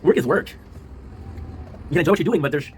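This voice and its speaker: A worn-out man in his twenties unloads in a quick, rambling confessional monologue and keeps tagging his lines with a question. His words spill out at a breakneck pace and he swears as he goes. A faint background noise sits under the voice. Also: fairly high pitch, a little mellow, low-quality recording. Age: 20s. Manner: rambling, often adds a tag question and swears. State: low and worn out. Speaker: streamer and video creator.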